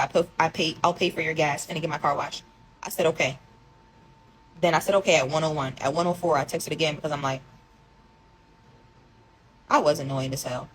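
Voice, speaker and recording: A woman's voice: low voice, slight background noise, rough recording. A young woman telling a confessional story, rambling and emotional as she reads out old text messages. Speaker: vlogger telling her story. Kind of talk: casual storytime monologue.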